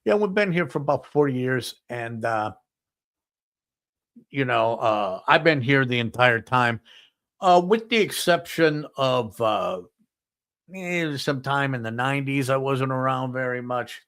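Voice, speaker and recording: A man's voice: medium pitch, expressive, unhurried, a bit bright. A man quoting an easygoing, genial older restaurant owner in his own everyday voice.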